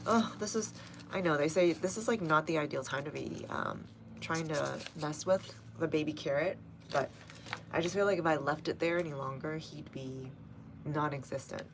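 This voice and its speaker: Low-voiced Texan woman chatting outdoors. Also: normal speed, noisy background. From North Texas. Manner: chatty, answers viewers by name, laughs easily. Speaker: gardening channel host. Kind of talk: casual live-stream chat. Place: home front garden, outdoors.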